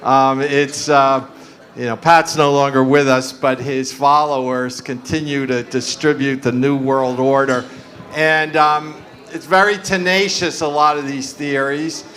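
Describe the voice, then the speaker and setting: A man's voice: mid-range voice, steady tone, unhurried, fairly bright tone. A man talking at a live conference panel, discursive and full of asides and fillers. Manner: discursive, frequent fillers and asides, laughs often. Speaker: panel speaker.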